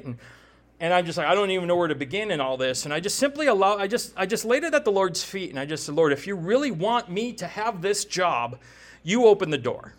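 A man's voice: high-pitched, very animated, brisk. A man in his forties preaching a sermon with personal testimony, talking conversationally and animatedly and often checking in with "right?". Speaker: preacher and tattoo artist.

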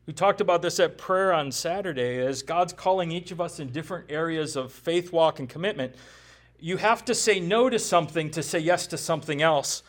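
A pastor from the United States preaching a sermon in a conversational style, with joking asides and frequent rhetorical questions to the congregation. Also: male voice, fairly high pitch, a little fast.

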